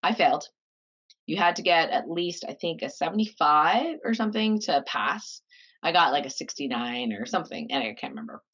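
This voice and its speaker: Middle-aged woman from Canada, lively storyteller, a bit low-pitched, muffled lo-fi recording. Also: normal speed, husky. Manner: animated, laughs often, acts out quoted voices. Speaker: guest. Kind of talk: casual storytelling interview. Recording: slightly dull lo-fi audio.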